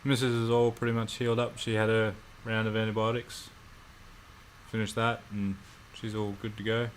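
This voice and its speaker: An Australian man chatting casually on a livestream, laid-back and quick to swear. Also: fairly low pitch, monotone, slight background noise. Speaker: livestream co-host.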